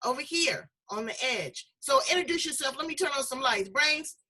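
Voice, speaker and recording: A woman's voice: high-pitched, animated, normal speed, pushed and bright, slight background noise. A woman hosting a talk show, playful and exuberant in casual chat. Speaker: host.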